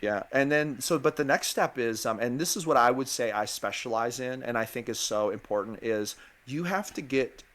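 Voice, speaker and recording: A man's voice: mid-range voice, lively intonation, normal speed, hardly any pauses, fairly bright tone. A man with a mid-range voice answers interview questions about running games. He talks in a thoughtful, loose way, often circling back and restarting his sentences. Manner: thoughtful, rambling, with many fillers and restarts. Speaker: guest game master.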